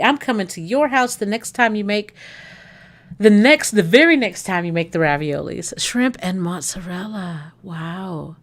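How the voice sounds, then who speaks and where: Excitable woman gushing over food. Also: medium pitch. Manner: excitable, gushing, talks to viewers. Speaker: livestream host. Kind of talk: casual livestream chat.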